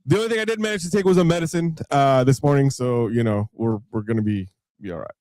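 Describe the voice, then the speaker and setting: A man co-hosting a radio show, joking and teasing with halting fillers. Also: medium pitch, darkish tone, no echo. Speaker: radio co-host. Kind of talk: casual radio banter.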